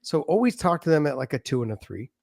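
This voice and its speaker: A man's voice: a little high, big pitch swings, fast talker, vocal fry, a little mellow, no room sound, studio quality. A middle-aged man in a casual interview, explaining his views earnestly and with everyday examples. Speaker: podcast guest, former fighter. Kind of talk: casual conversation.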